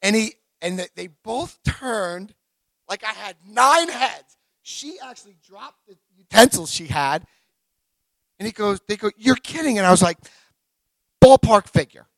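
A man in his forties tells a story to a big audience, his voice slightly high for a man and leaping all over the place as he acts out each character. The sound is close and dry, with no room echo. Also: expressive, a little slow, vocal fry, fairly bright tone. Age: 40s. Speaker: speaker sharing recovery story. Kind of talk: live talk to an audience.

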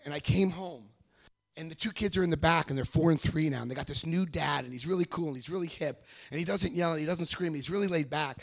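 A middle-aged American man tells his own story to a meeting, stumbling over and repeating words as he goes. His voice sits a bit high for a man and carries a gravelly rasp. He slips into lively put-on voices whenever he quotes someone. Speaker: recovery meeting speaker. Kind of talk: personal testimony to a meeting.

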